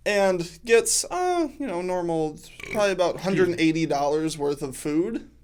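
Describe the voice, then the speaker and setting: A man's voice: sits high, lively intonation, moderate pace, darkish tone, clear, resonant tone. Joking young man guest. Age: 20s. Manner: joking, playful riffing. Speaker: podcast guest. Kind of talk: casual chat.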